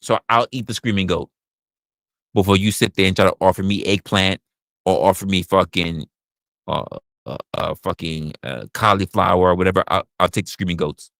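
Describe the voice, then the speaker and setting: A man's voice: low voice, normal speed, vocal fry, a bit bright, dry recording. A man hosting a talk show, ranting in a profane, emphatic way and repeating his points. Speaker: podcast host. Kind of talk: opinionated casual rant.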